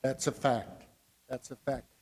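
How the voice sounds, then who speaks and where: A man's voice: medium pitch, flat delivery, measured pace, gravelly, background noise. A man giving a conference talk on grain marketing in a folksy, wry way, calling his audience "people.". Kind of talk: conference presentation. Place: convention hall. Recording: long reverb of a large hall.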